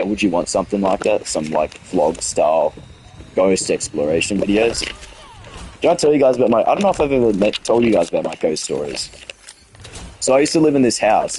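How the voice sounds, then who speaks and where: Low-voiced Australian teen streamer ranting. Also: male voice, darkish tone, low-quality recording. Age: late teens. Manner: rambling, heated storytelling with frequent restarts and swearing. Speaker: gaming streamer. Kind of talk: casual stream chat.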